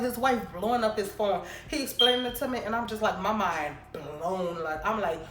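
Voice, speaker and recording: An animated woman vlogger tells a casual storytime straight to her viewers. She talks with emphatic energy, voicing her own lines in a retold argument. The room around her rings with a roomy echo over a faint hiss. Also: on the high side, normal speed, hardly any pauses. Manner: animated, emphatic retelling with quoted exchanges.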